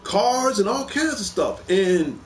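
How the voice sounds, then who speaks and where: Man, casual show host, rambling, repeats words, slightly high pitch, roomy echo. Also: big pitch swings, takes it slowly, a little hiss or hum. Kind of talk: casual chat about movies. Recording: echoey room.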